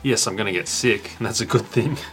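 A man's voice: on the low side, fairly quick, soft background music. Sarcastic man hosting a satire show. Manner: mock-official announcing, sarcastic. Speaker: host. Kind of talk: satirical news talk show.

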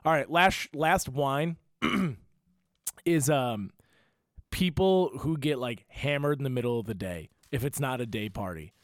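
A man's voice: medium pitch, lively intonation, a little slow, no echo, studio quality. A young man hosting a podcast, telling stories in a rambling, filler-heavy casual chat. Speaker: podcast host.

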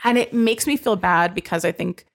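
This is a young woman co-hosting a casual podcast, with a gravelly, fry-edged voice. She talks in an animated way, swears freely and slips into quoted voices to act things out. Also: medium pitch, normal speed. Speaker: podcast co-host. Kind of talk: casual chat.

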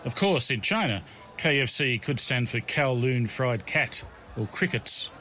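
A man telling his own comic travel story as scripted narration, in a wry, deadpan way. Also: mid-range voice, a little slow, a little hiss or hum.

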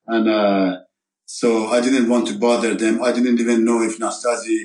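A man from Iran, telling his life story as a guest, halting and searching for words with many fillers and restarts. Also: lowish voice, flat delivery, a little mellow. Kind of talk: storytelling interview. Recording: roomy echo.

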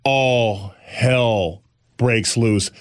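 A man's voice: medium pitch, extremely slow, dry recording, studio quality. A middle-aged man co-hosting a podcast, telling a story in casual chat and acting out other people's voices. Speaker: podcast co-host.

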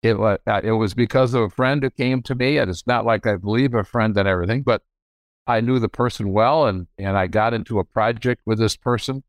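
A man's voice: lowish voice, a little fast, no room sound. An older businessman, a podcast guest, telling frank, rambling stories about his family business and often restarting his sentences. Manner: rambling, self-correcting, frank. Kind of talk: candid storytelling.

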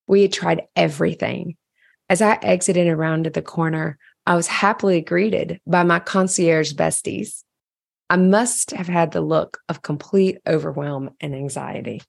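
Woman, low voice, gravelly, candid reflective narration, personal diary reading. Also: no room sound, studio quality. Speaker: caregiver sharing a diary entry.

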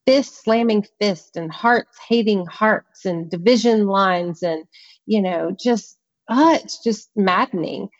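A woman's voice: medium pitch, takes it slowly, dull audio. A woman author as a podcast guest, speaking earnestly and with emphasis, repeating words to stress a point. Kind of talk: podcast interview conversation.

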